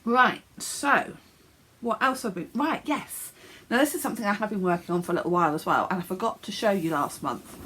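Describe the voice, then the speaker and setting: Snuffly and occasionally coughing, this woman from England runs a knitting podcast out of her home office, chatting loosely with fillers and small laughs as she shows things off. She speaks fairly quickly in a mid-range voice that's bright, forceful and slightly rough.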